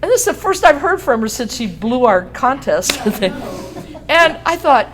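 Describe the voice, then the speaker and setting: With a high voice swinging widely in pitch at normal speed, a woman in her sixties, a radio host, talks to students in a school auditorium over background noise. Her story is folksy and self-mocking, dotted with sung bits and laughter at her own jokes.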